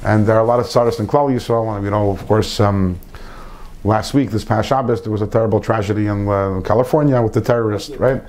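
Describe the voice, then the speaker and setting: A man's voice: lowish voice, steady tone, quick pace, a little mellow. A man giving an informal Torah lesson to a small group, earnest, repeating phrases and mixing in Hebrew terms. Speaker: Torah class teacher.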